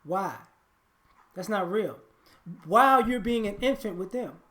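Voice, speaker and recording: A man's voice: high voice, expressive, unhurried, bright, forceful tone. Man, blunt lecturing monologue, preachy, repetitive, restarts phrases. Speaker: relationship commentator.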